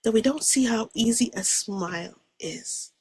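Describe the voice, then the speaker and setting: A woman giving an earnest, reflective spiritual testimony as a guest, speaking softly and often dropping to a hush. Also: fairly high pitch, measured pace, breathy edge, no echo. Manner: soft-spoken, reflective and earnest. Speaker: guest describing a near-death experience.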